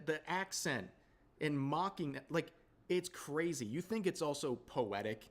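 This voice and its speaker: A man hosting an online commentary video, narrating with outrage and addressing his viewers as ladies and gentlemen. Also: on the high side, unhurried.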